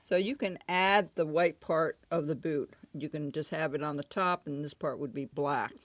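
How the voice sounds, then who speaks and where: A woman's voice: low voice, moderate pace, dry recording. A woman casually talking through a woodcarving tutorial at home, chatty and often correcting herself. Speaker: woodcarving instructor.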